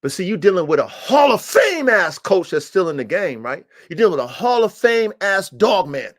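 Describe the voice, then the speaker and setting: A man's voice: sing-song, moderate pace. A man hosting a livestream about his working dogs, boastful and profane, speaking. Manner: boastful, swaggering and profane, pitch jumping up when hyped. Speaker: dog breeder hosting a livestream. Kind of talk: casual livestream monologue. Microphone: streaming mic.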